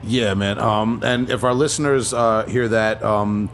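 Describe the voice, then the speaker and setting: A man hosting a podcast interview, talking in a halting, casual way with many ums and uhs. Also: fairly low pitch, fairly even intonation, fairly bright tone, faint music behind. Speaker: podcast host.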